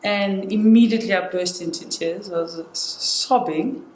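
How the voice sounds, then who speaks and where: A woman's voice: mid-range voice, unhurried. Young woman chatting through a story, acting out what everyone said, echoey room w a bit of background hiss. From South Africa. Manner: animated retelling that acts out quoted dialogue. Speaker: guest sharing a personal story. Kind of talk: casual conversational storytelling. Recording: roomy indoor sound with faint noise.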